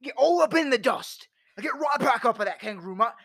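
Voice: medium pitch, lively intonation, quick pace, fairly bright tone, voice pushed up. A person putting on an Australian accent to play a brash bloke spinning a rambling yarn. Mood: boisterous. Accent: Australian, put on.

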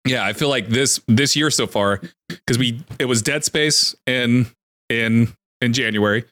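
A man co-hosting a casual gaming podcast, rambling and joking, quick to apologize when he cuts in. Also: medium pitch, a bit bright. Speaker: podcast co-host.

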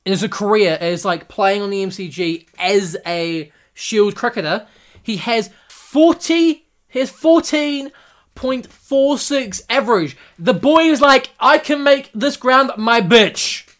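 A man hosting a podcast, giving a casual and excitable cricket recap full of swearing and mock voices. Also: sits high, unhurried. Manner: excitable and profane, acts out players in mock voices. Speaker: podcast host.

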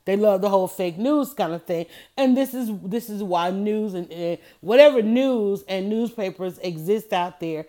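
A woman talking straight to her listeners in a casual opinion monologue, animated and emphatic. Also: medium pitch, normal speed, few pauses. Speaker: commentator.

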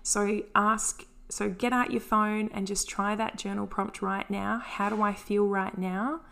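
A woman hosting her own podcast, with an easy, encouraging way of talking. Her voice has a gravelly, fry-edged texture, and her pitch sits in the middle for a woman. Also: fairly even intonation, unhurried. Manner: gentle, encouraging, earnest. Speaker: podcast host. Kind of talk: solo podcast talk on anxiety and self-care.

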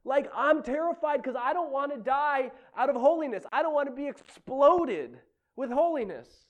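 A man's voice: very high-pitched, lively intonation, normal speed, lo-fi sound, voice pushed up. A man voicing terrified male disciples, wailing dramatically in fear.

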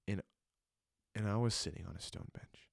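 Speaking at a moderate pace in a low, creaky voice, a young podcast host tells his personal testimony alone, recorded with studio quality and no room sound. He begins with jokes and grows reflective, earnest and emotional throughout, with lots of fillers.

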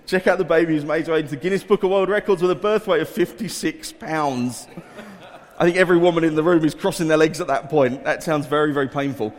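A man's voice: on the high side, brisk. A man leading a quiz for children in a school hall, coaxing volunteers and reading headlines aloud in an upbeat way. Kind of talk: addressing a room of children. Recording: echoey hall reverb.

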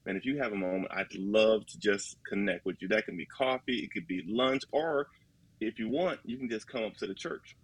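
A man's voice: on the low side, fairly quick, slightly rough, no echo, low-quality recording. A man in casual podcast talk about ministry, earnest and folksy, acting out little dialogues. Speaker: ministry leader guest.

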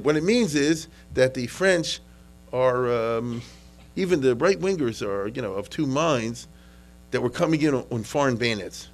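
A man giving a classroom history lecture, animated and full of restarts, acting out quotes to his students. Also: medium pitch, low-quality recording.

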